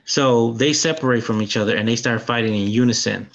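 A man's voice: mid-range voice, brisk, vocal fry, lo-fi sound. Man animatedly retelling a film plot. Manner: animated retelling, acts out character lines. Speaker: podcast co-host. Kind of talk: casual film review chat.

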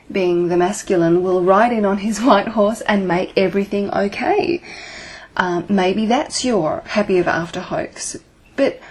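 Husky woman coaching with earnest questions. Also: mid-range voice, darkish tone. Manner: earnest rhetorical questions, occasional swearing. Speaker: relationship coach. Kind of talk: coaching talk to listeners.

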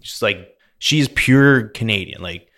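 A man co-hosting a podcast, retelling a story in a casual, animated way full of "like"s. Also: fairly low pitch, takes it slowly. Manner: animated, filler-heavy retelling with many "like"s. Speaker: podcast co-host.

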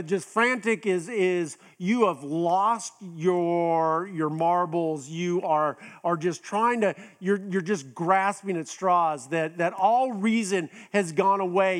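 Middle-aged male pastor, high voice, slow and chatty sermon delivery. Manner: conversational, with many restarts and "you know"; acts out quoted voices with raised pitch.

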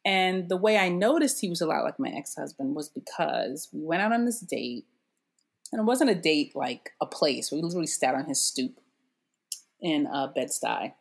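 A middle-aged woman telling her story in a casual interview, animated and laughing often as she acts out what others said. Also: low voice, moderate pace, vocal fry, breathy edge. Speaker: interview guest.

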